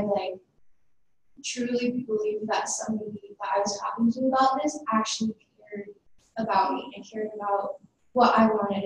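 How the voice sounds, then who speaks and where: Chatty teen girl in an echoey room. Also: on the high side. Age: teens. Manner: chatty, lots of "like", quick asides and laughs. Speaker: panelist. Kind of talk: personal story on a panel. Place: large room at an event. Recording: very echoey room from far off with faint noise.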